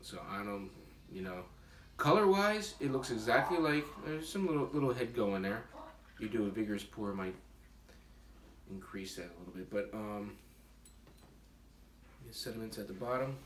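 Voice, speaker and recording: A man's voice: on the low side, animated, moderate pace, long pauses, distant mic. A man rambling casually as he tastes and reviews his own homebrewed beer, with lots of fillers and self-deprecating asides. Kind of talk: casual tasting vlog. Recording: roomy and noisy, from off the mic.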